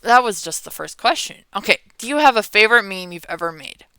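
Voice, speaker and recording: A woman's voice: mid-range voice, lively intonation, brisk, sharp tone, smooth, dry recording. A tired millennial woman in her thirties, rambling through a casual Q&A vlog, often trailing off and yawning. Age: 30s. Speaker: meme creator.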